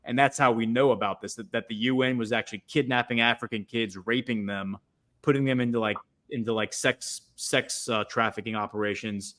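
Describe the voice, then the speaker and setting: A man's voice: mid-range voice, fairly even intonation, fairly quick, a bit bright. Rambling man on a livestream. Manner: rambling, many restarts and fillers. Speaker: guest commentator. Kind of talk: livestream political discussion.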